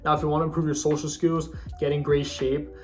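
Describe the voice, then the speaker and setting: Young guy, slangy bro advice vlogger, slightly high voice, faint music behind. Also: flat delivery, fast talker, a little mellow. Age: young adult. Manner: bro-ish slang with frequent restarts. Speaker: self-improvement vlogger. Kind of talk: casual advice monologue.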